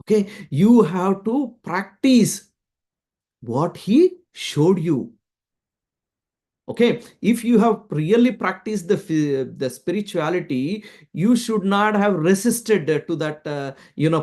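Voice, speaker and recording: A man giving a spiritual talk as a teacher, telling a story with many fillers and repeating key lines slowly for emphasis. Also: high-pitched, lively intonation, darkish tone. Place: Florida, near the listener's town.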